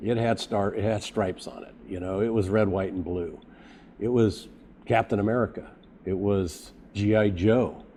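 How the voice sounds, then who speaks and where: A man's voice: lowish voice, normal speed, slight background noise. A middle-aged man, a custom bike builder, telling a long story in casual podcast talk and acting out the voices of the people in it. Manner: animated storyteller acting out quoted dialogue.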